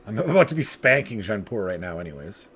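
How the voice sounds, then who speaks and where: A man hosts a strategy game video, casually thinking out loud, chuckling, and talking to himself as he plays. His lowish voice swings widely in pitch, moves briskly, and is a bit bright with vocal fry, over slight background noise.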